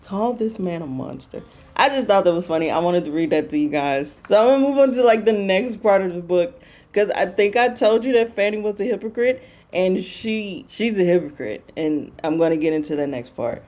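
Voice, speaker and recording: Animated woman retelling a story, lively pitch. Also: brisk. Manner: animated, playful, repeats phrases for emphasis. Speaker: book-talk host. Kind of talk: casual storytelling recap.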